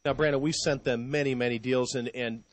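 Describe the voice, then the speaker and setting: A man hosting a live call-in radio show, upbeat and jokey, trading quick banter in a studio. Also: mid-range voice, fairly even intonation, no echo.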